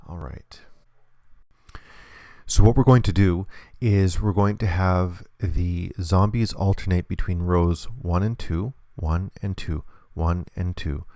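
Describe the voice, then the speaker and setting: A man's voice: sits low, slow, mellow, no echo, clean studio sound. A man teaching a hands-on lesson, explaining patiently step by step. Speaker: instructor.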